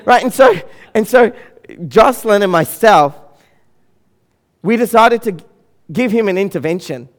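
A man's voice: sits high, measured pace, pauses often. A man, telling a humorous story to an audience and acting out the voices of people in it. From Australia. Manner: animated, acts out the voices of people in his story. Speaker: speaker.

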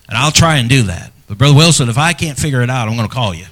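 A middle-aged man, a pastor, preaching a sermon in a church, earnest and personal, swinging from loud emphasis to hushed, near-whispered lines. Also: medium pitch, lively intonation, fast talker, hardly any pauses. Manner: earnest and personal, speaking to fathers.

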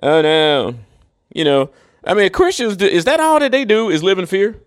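A man's voice: sits high, big pitch swings, fairly quick. A man in a rambling solo monologue, profane and mocking, who laughs often. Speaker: commentator.

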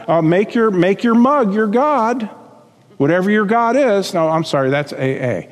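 A male pastor preaching a sermon, reading scripture and acting out quotes with lively emphasis. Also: high-pitched, normal speed, in a large hall.

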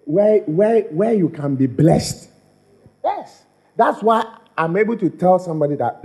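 Man, sermon, high voice, wide pitch swings, repetitive preaching. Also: unhurried. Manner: repetitive, animated preaching with stammered restarts. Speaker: pastor.

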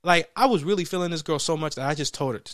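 A young man co-hosting a podcast, telling a story in a casual, profane, animated way and laughing often. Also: on the high side, fast talker, dry recording, studio quality. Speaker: podcast co-host.

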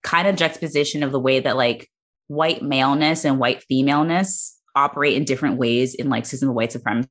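Woman, podcast panelist; low voice, loose analytical chatter. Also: fast talker. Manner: analytical, rambling, heavy use of "like". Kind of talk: casual chat.

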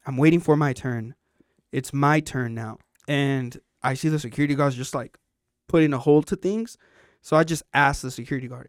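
Podcast guy telling a story, swears a lot, smooth clear voice, dry sound. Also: medium pitch, moderate pace, no room sound. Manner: animated, profane, acts out quotes. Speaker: podcast host. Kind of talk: casual storytelling chat.

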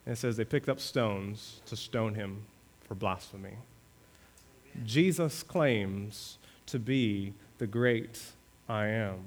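A male pastor preaching a sermon, asking the congregation questions and building to fervent high points. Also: slow, fairly bright tone. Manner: preaching with rising fervor, rhetorical questions to the congregation.

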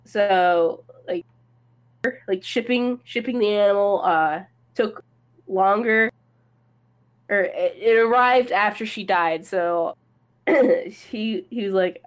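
Sick woman, rambling movie retelling, halting, slangy, casual chat, coughs. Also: medium pitch.

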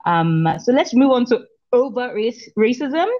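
A woman's voice: fairly high pitch, expressive, a little slow, darkish tone. A woman co-hosting a podcast, telling personal stories in an earnest, conversational way. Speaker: podcast co-host. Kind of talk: casual chat. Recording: dull lo-fi sound.

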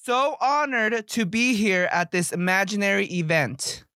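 A man's voice: high voice, lively intonation, a little slow, sharp tone, clean tone. Buzzed, giggly man podcast co-host. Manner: giggly, playful, fumbling repeated phrases. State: buzzed from drinking. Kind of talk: casual podcast chat.

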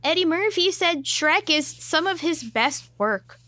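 Bright-voiced deadpan woman. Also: very high voice, no echo. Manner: dry, deadpan jokes and quick fun facts. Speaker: podcast co-host. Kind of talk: casual chat.

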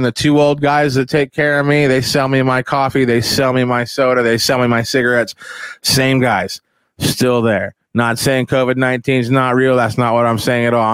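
A man hosting a podcast, ranting casually and profanely, rambling and mocking others in shrill voices. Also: smooth, dry recording. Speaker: podcast host. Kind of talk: casual rant. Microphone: headphones on, close mic.

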